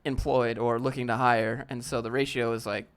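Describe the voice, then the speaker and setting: On a casual live Q&A stream, the host talks at normal speed in a smooth, medium-pitched voice with a level tone. Recorded at a desk with a DSLR camera, he gives blunt answers to chat and picks apart a viewer's portfolio, dropping words like "fam" and "dude."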